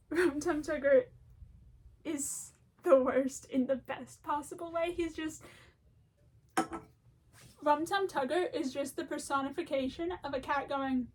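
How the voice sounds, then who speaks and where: A young woman with a high, light voice talks in a loose, rambling way. She stays chatty and animated and laughs often as she goes. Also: a little slow, long pauses. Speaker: video essayist. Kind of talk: rambling casual commentary.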